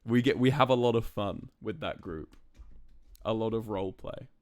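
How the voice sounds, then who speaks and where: A man's voice: fairly low pitch, normal speed, a little mellow, no room sound. A young man streaming live, chatting casually and playfully to his viewers with lots of fillers.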